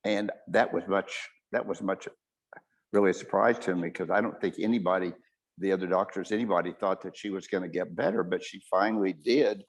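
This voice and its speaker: A man, a surgeon, recounting a patient's story on a webinar in a halting way, with frequent restarts and self-corrections. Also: deep voice, fairly even intonation, breathy edge.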